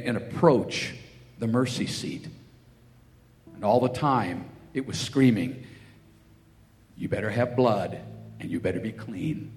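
A man preaching a sermon, telling Bible stories and acting out the voices of the people in them. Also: mid-range voice. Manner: storytelling, acting out voices in quotes. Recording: long hall reverb, faint ambient noise.

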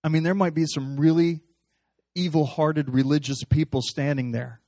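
Male preacher, slightly high voice, dry close sound, animated and chatty, acts out scenes. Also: normal speed, no room sound. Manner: animated, conversational, acts out dialogue. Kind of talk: sermon.

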